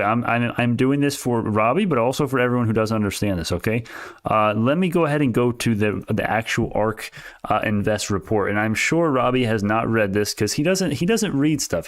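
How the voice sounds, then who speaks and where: A young adult man giving casual, animated stock commentary on a live stream, arguing with chat and laughing often. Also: medium pitch.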